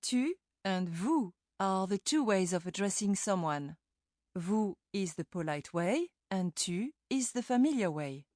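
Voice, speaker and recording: A woman's voice: mid-range voice, lively intonation, unhurried, darkish tone, dry recording, studio quality. A woman reading a scripted language lesson for an audiobook, demonstrating words carefully. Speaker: language tutor.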